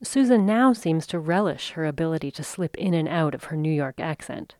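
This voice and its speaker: A woman's voice: deep voice, animated, normal speed, darkish tone, dry recording, studio quality. A woman interviewer asking curious, probing questions in an interview.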